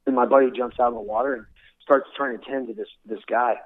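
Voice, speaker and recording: A man's voice: mid-range voice, steady tone, fast talker, narrow, tinny audio. A man being interviewed about his military career, speaking earnestly and often restarting his words. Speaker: guest, former military instructor. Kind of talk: conversational storytelling interview.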